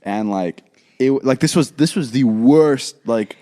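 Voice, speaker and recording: Speaking at medium pitch, a little slowly and mellow, a young man co-hosting a podcast tells a long, rambling story over casual chat, voicing the people in it with animation.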